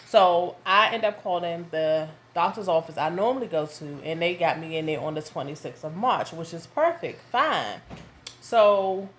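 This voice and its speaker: A woman, telling a casual story to her viewers at home, animated and full of asides. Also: lowish voice, moderate pace, slight background noise. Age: 30s. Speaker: vlogger. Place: home with her young son nearby.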